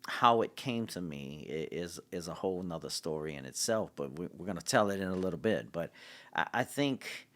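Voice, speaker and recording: Podcast guest: middle-aged man, very low voice, halting storyteller. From Louisiana, USA. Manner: halting, many restarts and fillers, grows excited. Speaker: podcast guest, city public relations director. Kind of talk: storytelling in casual conversation.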